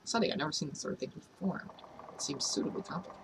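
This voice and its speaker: A man's voice: on the high side, very fast. A man playing through a role-playing game and reading its dialogue aloud. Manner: reads every character's lines himself. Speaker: let's play narrator. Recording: distant mic, noisy room.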